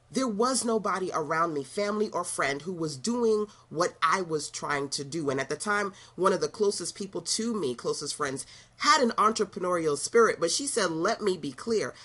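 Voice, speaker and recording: A woman's voice: low-pitched, a bit bright, breathy edge. A middle-aged woman from Brooklyn giving a motivational monologue as an online business coach, emphatic and repetitive, with laughing asides. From Brooklyn, New York.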